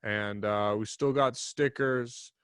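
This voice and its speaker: A man's voice: mid-range voice, fairly even intonation, slow pace, fairly bright tone, clear, resonant tone, dry recording, clean studio sound. Rambling, cussing young male podcast host. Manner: rambling, loose and profane. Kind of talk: casual solo podcast chat. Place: small home studio. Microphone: desk mic in front of a camera.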